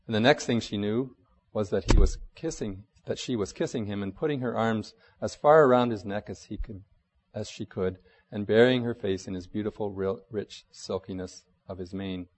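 A man's voice: fairly low pitch, moderate pace, in a large hall, rough recording. A man pastor reading a storybook aloud and then closing a sermon in an informal, hesitant way. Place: church.

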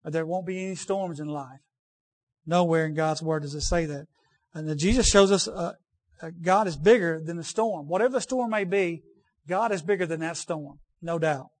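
A man's voice: a little high, normal speed. A man preaching a sermon in a conversational way, repeating key phrases for emphasis and turning to folksy asides with the congregation.

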